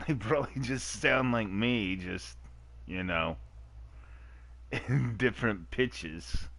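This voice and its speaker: A man's voice: on the low side, slow pace, a bit bright, dry recording. A man streaming a dating game, joking and rambling with frequent laughs as he comments on the choices.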